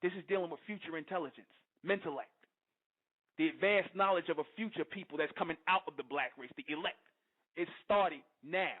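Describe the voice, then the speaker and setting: High-voiced male host, hard-hitting sermon-style rant, tinny phone-line sound. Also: brisk. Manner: emphatic, confrontational, keeps asking "you understand?"; profane and repetitive. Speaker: radio show host. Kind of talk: impassioned preaching monologue.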